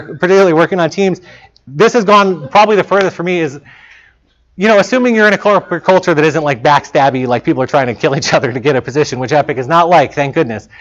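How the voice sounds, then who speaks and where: A man giving an informal talk to students as a game developer, casual and chatty, often acting out his own past remarks. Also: fairly high pitch. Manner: casual, chatty, quotes himself in lively asides. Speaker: guest speaker, game developer. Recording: dull lo-fi talk recording.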